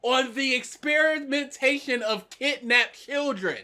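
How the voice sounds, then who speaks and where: High bright lady cohost, lively, laughs a lot chatting. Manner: animated, laughs often, quick reactions. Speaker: podcast co-host. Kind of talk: casual chat reacting to a video.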